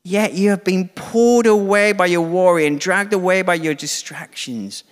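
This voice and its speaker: Middle-aged man, sermon in a church hall, conversational and self-deprecating, slightly high voice, smooth resonant tone. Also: moderate pace. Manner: conversational, self-deprecating, acts out quoted dialogue. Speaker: preacher.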